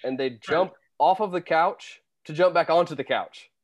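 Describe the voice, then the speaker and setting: A man's voice: fairly high pitch, normal speed. A man describing cartoon scenes in casual chat, rambling and restarting his sentences. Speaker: podcast co-host.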